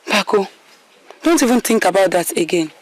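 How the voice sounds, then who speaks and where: An actress playing a kind young princess in a Nollywood epic, gentle and consoling. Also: female voice, mid-range voice, animated, normal speed, a little hiss or hum, close to an everyday voice. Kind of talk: Nollywood film acting.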